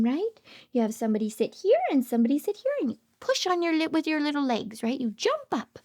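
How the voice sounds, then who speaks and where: A woman speech therapist reading a picture book aloud to toddlers, sing-song and full of delighted gasps, sometimes dropping to soft whispers. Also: high-pitched, very animated, fairly quick.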